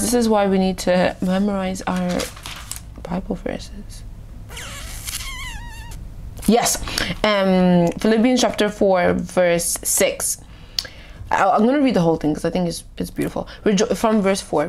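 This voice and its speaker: A woman giving an informal Bible reflection. She talks casually with many fillers, acts out the scenes, and often drops to a hushed voice. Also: medium pitch, slight background noise. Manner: expressive, acts out the scripture scenes. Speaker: devotional podcast host.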